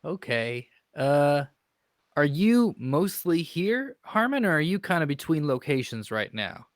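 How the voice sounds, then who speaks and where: Slow, animated tabletop player in a dead room. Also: medium pitch, no room sound, clean studio sound. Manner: slow, searching, puzzling aloud. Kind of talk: in-character tabletop role-play.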